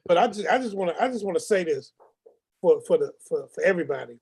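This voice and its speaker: A man speaking up on a group video call, blunt and animated, cursing and repeating himself. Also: high voice, fast, vocal fry, slight background noise. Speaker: call participant. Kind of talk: casual testimony.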